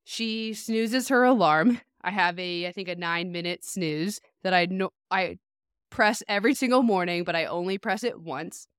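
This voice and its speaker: A woman's voice: lowish voice, normal speed, fairly bright tone, smooth, no room sound, studio quality. A woman hosting a podcast as a life coach, talking in a casual, upbeat and chatty way, a little nasal from allergies.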